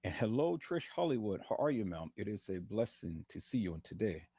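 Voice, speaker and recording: A man's voice: fairly low pitch, sing-song, brisk, dark tone, breathy edge, no echo, clean studio sound. A man, in pain and lying in bed, giving a fervent, repetitive testimony of faith to livestream viewers and calling them "peoples". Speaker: livestream host.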